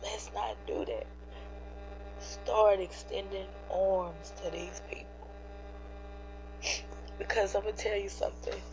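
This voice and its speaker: A woman hosts an emotional livestream, her medium-pitched voice steady and slow, touched with vocal fry and frequent pauses. Teary-eyed, she speaks earnestly and a bit preachily to the chat, trying to encourage viewers, while the dull lo-fi audio carries a faint hum.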